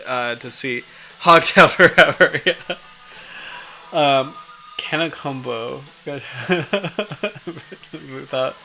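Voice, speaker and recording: Bright-voiced man hosting a livestream. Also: medium pitch, slight background noise. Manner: rambling, reads out study, chats with viewers; frequent fillers and restarts. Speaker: livestream host. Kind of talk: casual livestream reading and chat.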